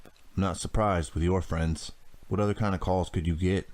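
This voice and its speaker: A man voicing a gruff middle-aged police officer father who speaks in a slow drawl. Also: sits low, steady tone, darkish tone, lightly acted.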